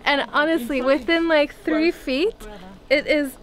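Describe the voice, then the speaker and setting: A woman vlogging her travels, talking in an excited, chatty way and explaining what she sees. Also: high voice, a little slow. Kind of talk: casual travel vlog chat.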